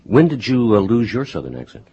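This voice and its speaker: A man's voice: on the low side, big pitch swings, a little fast, mellow, husky, highs cut off. A man interviewing a guest, asking conversational questions.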